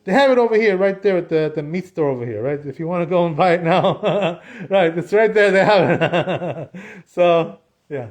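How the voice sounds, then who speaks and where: A man's voice: sits high, animated, moderate pace. A man teaching as a rabbi in a synagogue, in a casual, chatty way, filling his talk with "you know". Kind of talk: casual spoken class.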